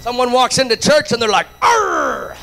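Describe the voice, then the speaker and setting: A man from Latin America preaching a sermon with passion, rising to shouts and acting out the voices of others. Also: very high voice, lively intonation, moderate pace, poor audio.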